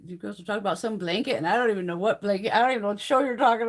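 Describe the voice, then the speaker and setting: A middle-aged woman hosting a casual beauty livestream, telling stories in a profane, animated way. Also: mid-range voice, rapid-fire, a little hiss or hum.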